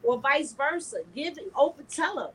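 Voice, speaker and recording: A woman's voice: high-pitched, expressive, moderate pace, slight background noise, low-quality recording. A woman hosting a podcast, talking frankly and bawdily in casual chat, telling stories with laughter. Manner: frank, bawdy, laughing storyteller. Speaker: podcast host.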